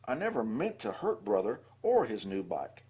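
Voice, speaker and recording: A man's voice: lowish voice, huge pitch swings, moderate pace, mellow, slightly rough, exaggerated voice. A man doing a sorry boy bear cub. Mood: apologetic. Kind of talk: storybook read-aloud.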